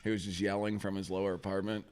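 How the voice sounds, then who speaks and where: A man's voice: low voice, little pitch movement, fast, darkish tone, smooth. A man in casual podcast chat, telling a rambling, profane story and laughing often as he goes. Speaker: podcast co-host.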